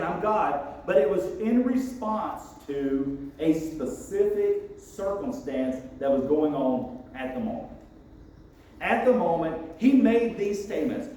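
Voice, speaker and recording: A man's voice: a little high, mellow. Pastor guy giving a laid-back jokey sermon, echoey church, faint hiss. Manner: casual and joking, with many asides. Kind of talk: conversational sermon. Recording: very echoey room, mic far off, faint noise.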